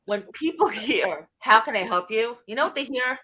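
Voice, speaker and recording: A woman, a founder and CEO, giving business advice in a casual panel chat, with an animated, comic delivery full of acted-out quotes. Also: a little high, normal speed, a little hiss or hum.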